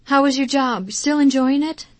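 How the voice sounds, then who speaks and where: A woman doing a gentle, tender middle-aged mother. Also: high-pitched, normal speed, no room sound, pitched above the performer's own voice, close to an everyday voice. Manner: tender and carefully steady. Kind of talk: audiobook character reading.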